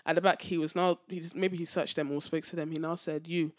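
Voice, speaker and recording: A woman, a podcast co-host telling a story in casual chat, animated and laughing often. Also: low voice, fast talker, no room sound, clean studio sound. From United Kingdom. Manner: animated, laughing, quotes people in put-on voices.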